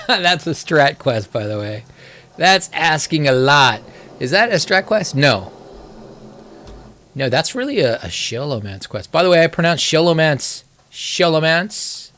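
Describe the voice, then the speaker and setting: A man's voice: a little high, sing-song, a little slow, long pauses, bright, forceful tone. A man casually talking through a live game stream, rambling and wry, poking fun at himself as he plays. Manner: rambling, wry and self-mocking. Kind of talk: casual live-stream commentary while gaming.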